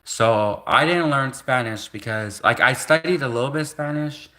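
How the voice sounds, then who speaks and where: Pushed and bright, his mid-range voice runs at a normal speed as this thirtysomething man chats on a livestream. He rambles loosely, restarting and saying "like" a lot, with laughter slipped in between thoughts.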